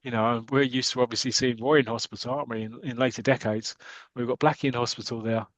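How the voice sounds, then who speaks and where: Brief: British male host, chatty and jokey, mid pitch, dry room. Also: steady tone, fast, no echo. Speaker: podcast host. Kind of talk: casual chat, retelling a comic.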